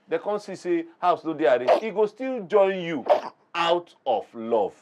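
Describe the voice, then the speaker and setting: A man's voice: on the high side, very animated, measured pace, background noise. A man with a Nigerian accent, a guest in a talk-show debate, arguing his side in an emphatic, preachy way. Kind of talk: heated debate argument.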